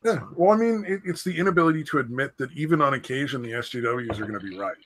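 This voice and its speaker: A man's voice: mid-range voice, animated, quick pace, a bit bright, low-quality recording. A man hosting a casual podcast, rambling and hedging with "I mean" and "like," swearing freely. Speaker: podcast host. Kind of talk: casual profane chat.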